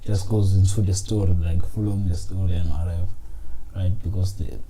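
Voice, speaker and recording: A man talks alone into a phone, hosting his own podcast in a loose, rambling monologue. His voice is very dark and mellow. He sounds frustrated, swears freely and restarts his sentences often. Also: deep voice, steady tone, brisk, slight background noise, poor audio. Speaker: podcast host. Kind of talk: casual solo monologue. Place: small room, indoors.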